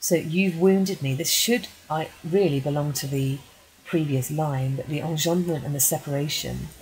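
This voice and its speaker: A woman with a low voice talks through a poem as a teacher would, reading it first and then explaining it. She is measured and patient, with many small ums between points. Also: darkish tone, a little hiss or hum, low-quality recording. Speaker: English teacher. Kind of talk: poetry analysis lesson.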